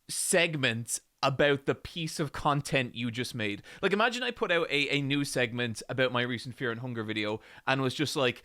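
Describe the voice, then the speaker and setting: A man's voice: medium pitch, animated, moderate pace, few pauses, sharp tone, no echo, studio quality. An Irish man hosting a commentary video, talking animatedly and swearing as he riffs with restarts. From Ireland. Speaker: video essay host. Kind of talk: casual commentary.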